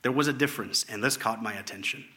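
A man preaching a sermon, reading scripture aloud in an animated way, at times dropping to a hushed tone. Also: mid-range voice, fast. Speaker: pastor.

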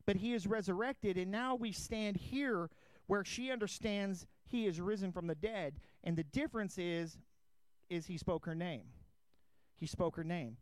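A man's voice: sits high, a little mellow, clean tone, no room sound. A man preaching as pastor, reading scripture aloud and asking his listeners direct questions. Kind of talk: sermon.

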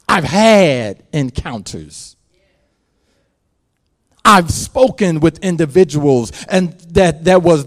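A male pastor preaching a sermon, moving from quiet storytelling to loud shouted passages. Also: medium pitch.

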